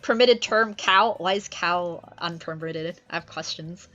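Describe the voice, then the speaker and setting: A woman's voice: lowish voice, unhurried, pushed and bright. A young adult woman casually explaining a play in a chatty, filler-heavy way on a stream. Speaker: streamer discussing literature. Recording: slightly dull lo-fi stream, faint music.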